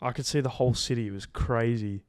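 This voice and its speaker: A man's voice: medium pitch, fairly even intonation, fast, a little mellow, no echo. A young man, telling a travel story in a loose, rambling way, full of "like" and casual swearing, on a podcast. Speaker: podcast co-host. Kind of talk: casual chat.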